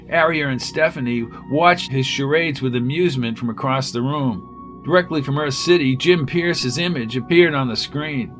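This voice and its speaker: A man narrating a science fiction story aloud in a steady storytelling manner. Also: a little high. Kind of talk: audiobook narration.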